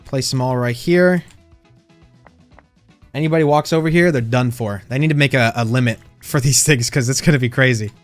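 This gaming YouTuber has a mid-range voice at a normal pace, with soft music playing behind him. His casual commentary involves playfully teasing other players and yelping at surprises.

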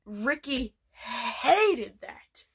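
A woman vlogger rambling excitedly about her favorite shows, full of fillers and restarts. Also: a little high, very slow, breathy edge. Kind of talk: casual show ranking.

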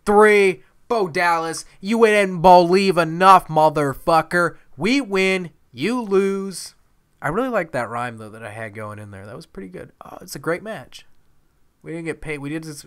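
A man's voice: mid-range voice, fairly bright tone. A man commentating over a wrestling video game, playful and jokey, swearing often. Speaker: gaming commentator. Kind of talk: let's play commentary.

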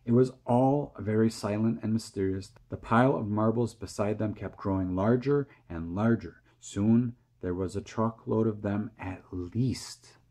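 A man calmly reading a children's storybook aloud, close to the camera mic. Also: fairly low pitch, unhurried, few pauses. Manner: calm, steady reading.

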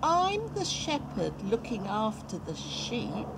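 A woman's voice: a little high, sing-song, takes it slowly, noisy background, exaggerated voice. A woman voicing David, a small, eager young shepherd boy in a children's story. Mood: wondering.

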